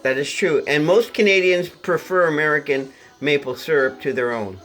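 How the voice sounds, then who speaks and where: A man's voice: fairly high pitch, normal speed, fairly bright tone, soft background music. A man co-hosting a casual chat, joking and rambling, often slipping into silly voices. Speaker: co-host. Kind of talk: casual banter.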